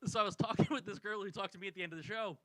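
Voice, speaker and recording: A man's voice: high-pitched, rapid-fire, bright, forceful tone, no echo, rough recording. A man doing a wry, self-deprecating stand-up set on a small club stage into a stage mic. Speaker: stand-up comedian.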